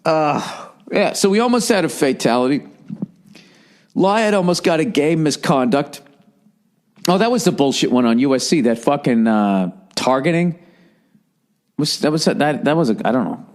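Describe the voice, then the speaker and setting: A man's voice: fairly high pitch, animated, normal speed, pauses often. Profane rambling middle-aged man. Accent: Boston. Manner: profane, rambling storytelling with lots of swearing. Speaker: podcast host. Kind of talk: casual solo podcast monologue.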